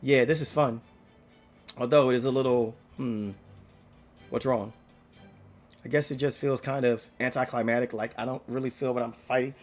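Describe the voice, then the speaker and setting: A man's voice: mid-range voice, steady tone, normal speed, pauses often, soft background music, natural voice. A man reading game dialogue aloud, voicing a brash young female knight who swears casually and talks with swagger.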